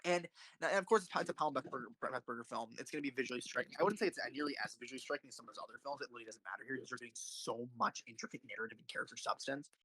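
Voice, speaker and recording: A man's voice: medium pitch, rapid-fire, few pauses, bright, forceful tone, a little hiss or hum. A young man rambling passionately about films in casual commentary, often swearing and restarting his sentences. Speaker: host ranking films.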